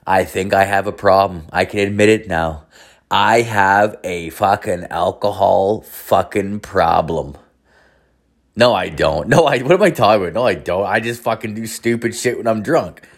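A man's voice: lowish voice, a little slow. Man, 30s, podcast host, casual monologue, rambling, profane, self-deprecating.

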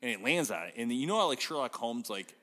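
A man's voice: mid-range voice, big pitch swings, fast, sharp tone, big-room sound. A man hosting a podcast, chatting casually and rambling through stories with frequent laughs. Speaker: podcast host.

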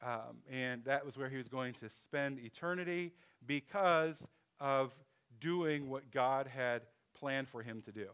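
A man's voice: medium pitch, a little slow, fairly bright tone, clean tone. A man preaching a sermon in a loose, conversational way, thinking aloud with restarts and asides. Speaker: pastor.

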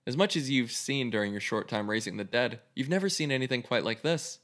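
A man's voice: medium pitch, expressive, brisk, fairly bright tone. A man casually reading an interactive adventure story aloud as host, with a loose, swearing delivery. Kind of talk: reading a choose-your-own story aloud.

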